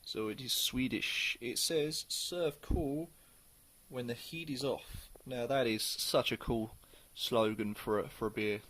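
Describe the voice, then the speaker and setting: A man's voice: mid-range voice, slow pace, a bit bright. A man talking casually through a beer review, rambling a little and full of ums. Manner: chatty and rambling, with many ums.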